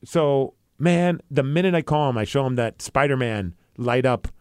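A man's voice: medium pitch, animated, normal speed, a little mellow, smooth, no room sound, studio quality. A man hosting a radio show, telling a personal story in an earnest, emotional way. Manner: earnest and emotional, quoting people in his own voice. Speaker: radio and podcast host. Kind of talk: storytelling chat. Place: radio studio.

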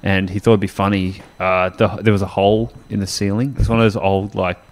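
A man's voice: low voice, level tone, fairly quick. A man telling a rambling story on a podcast, laughing as he goes. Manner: rambling, laughs through his stories. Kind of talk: casual chat, storytelling.

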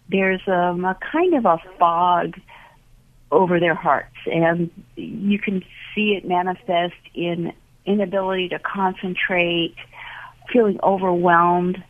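Woman, teacher, gentle and earnest, lowish voice, dry phone-line sound. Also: no room sound. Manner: gentle, earnest, many fillers and pauses. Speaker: ministry teacher. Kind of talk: reflective talk.

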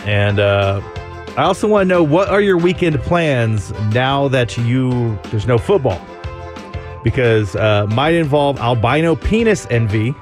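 A man hosting a sports radio show, chatting casually, his voice climbing higher when he gets excited. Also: unhurried, music in the background.

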